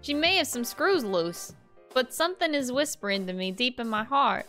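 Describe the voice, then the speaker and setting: A woman's voice: a little high, animated, normal speed, a bit bright, soft background music. A young woman streamer reading a game's text aloud in first person, trying an accent and laughing at herself.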